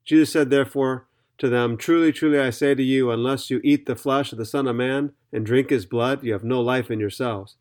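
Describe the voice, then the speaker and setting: A man's voice: mid-range voice, fairly even intonation, fairly quick, darkish tone. A man teaching on a podcast Bible study, reading scripture aloud and explaining it in an earnest, methodical way.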